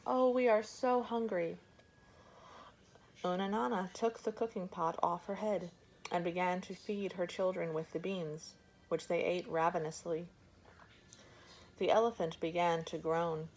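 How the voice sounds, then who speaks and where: A woman reading a folk tale aloud for children in a gentle, measured way. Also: lowish voice, fairly even intonation, slight background noise. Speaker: storyteller. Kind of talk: storybook reading.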